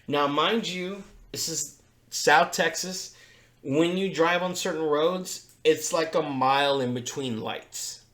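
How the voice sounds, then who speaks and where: A man's voice: on the high side, slow pace, fairly bright tone. A man co-hosting a podcast, telling a long, profane story in casual chat. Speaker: podcast co-host. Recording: roomy echo.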